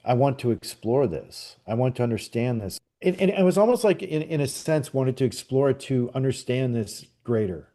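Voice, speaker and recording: A man's voice: medium pitch, lively intonation, moderate pace, few pauses, mellow. A middle-aged man, a guest on a podcast, telling a long personal story in a casual, rambling way with many fillers and restarts. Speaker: podcast guest, psychic medium.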